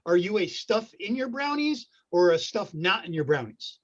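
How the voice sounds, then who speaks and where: A man's voice: high voice, very animated, normal speed. Playful man hosting improv, rambly, muffled call audio. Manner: jokey, rambling. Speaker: improv show host. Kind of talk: playful show hosting over video call. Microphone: video call.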